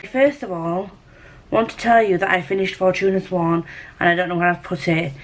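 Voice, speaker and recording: A young woman vlogging in a casual, rambling, animated way, poking fun at herself. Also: medium pitch, moderate pace. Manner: chatty, rambling, animated, self-mocking. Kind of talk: casual rambling vlog chat.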